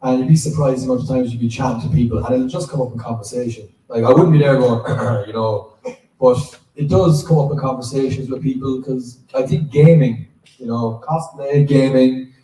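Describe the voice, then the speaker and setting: A man's voice: medium pitch, brisk. A middle-aged man from Ireland with a Cork Irish accent, telling anecdotes as a panel guest at a live convention. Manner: animated storyteller, laughs often. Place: large auditorium. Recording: echoey hall, distant mic.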